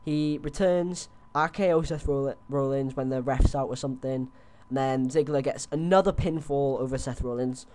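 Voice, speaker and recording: A man's voice: medium pitch, normal speed, few pauses, a little mellow, a little hiss or hum. A young man on a headset, chatting loosely through his predictions with lots of fillers and restarts. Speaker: host. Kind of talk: casual wrestling predictions chat.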